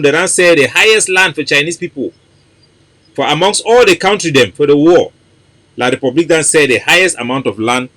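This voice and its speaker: A man's voice: on the high side, dry recording. A man with a Cameroonian Pidgin English accent, hosting a mocking, emphatic political commentary monologue. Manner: mocking, emphatic, rising to loud declarations.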